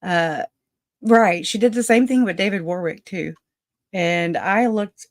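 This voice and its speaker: A chatty woman with a drawl talks through a casual livestream, a bit winded, laughing between thoughts and circling back on her sentences. She speaks slowly, and her voice sits dry and close. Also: mid-range voice, no room sound. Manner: chatty, laughs often, trails off and restarts. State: out of breath. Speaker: livestream host.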